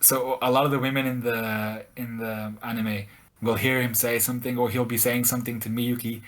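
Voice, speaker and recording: A man's voice: medium pitch, brisk. Chatty man retelling scenes. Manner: animated retelling, repeats words, laughs while telling. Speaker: podcast co-host. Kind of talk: casual chat.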